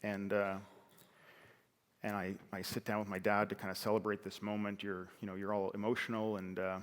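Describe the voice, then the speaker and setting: Here the speaker's voice sits lowish, with a flat delivery and a slightly fast pace. He is a middle-aged man on the stage of a large, reverberant hall, recounting a personal story in an earnest, conversational manner with fillers and restarts.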